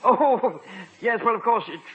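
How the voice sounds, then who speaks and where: An actor playing a fussy, polite English butler with prim, formal speech and dry quips, in a 1950s radio sitcom. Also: male voice, very high voice, lively intonation, measured pace. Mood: flustered. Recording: dull 1950s radio recording.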